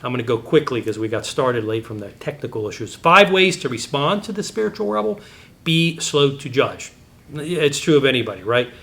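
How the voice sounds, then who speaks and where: Animated middle-aged man telling stories. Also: fairly quick, vocal fry. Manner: animated, digressive storytelling with sudden pitch jumps. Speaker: Christian apologetics teacher. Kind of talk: teaching talk with personal stories.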